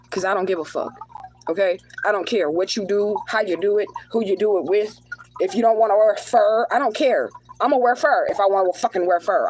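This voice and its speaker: Woman, spiritual reader, profane and confrontational, mid-pitched voice, light background noise. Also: a little mellow, low-quality recording. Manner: blunt, profane, combative. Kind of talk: live tarot reading and rant.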